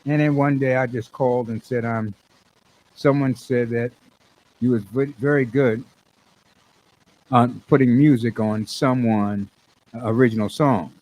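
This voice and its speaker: A man's voice: medium pitch, steady tone, unhurried, pauses often, darkish tone, poor audio. A man, a singer-songwriter, telling a rambling story in a casual monologue, often restarting and acting out what he said. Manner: rambling, repeats himself and restarts, acts out his own quoted words.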